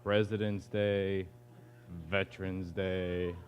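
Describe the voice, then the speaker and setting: A man's voice: low-pitched, little pitch movement, slow, dull audio, faint music behind. A man playing one half of a hired dragon-suit act in a stage musical, earnest like a salesman.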